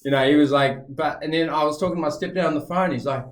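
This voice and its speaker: Man, podcast co-host, animated storyteller, slightly high voice, echoey room. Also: fast talker. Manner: animated storyteller who mimics people. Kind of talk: casual chat. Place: indoor room.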